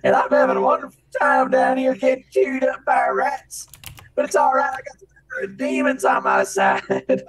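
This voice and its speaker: A man voicing a rowdy male southern robot possum preacher who shouts and drawls. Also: sits high, wildly swooping pitch, moderate pace, creaky, few pauses, reverberant, far from the mic, full character voice. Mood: brash. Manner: drawling, shouting, gleefully irreverent.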